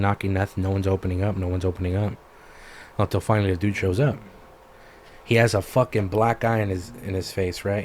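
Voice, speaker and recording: A man co-hosting a podcast, retelling a story in casual chat, animated and swearing freely. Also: lowish voice, a little hiss or hum. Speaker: podcast co-host.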